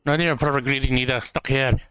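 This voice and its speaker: A man's voice: medium pitch, steady tone, very fast, fairly bright tone, clean tone, no echo, soft background music, natural voice. A man voicing a brash, blunt dwarf hunter in a game, with a clumsy put-on accent. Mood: gruff.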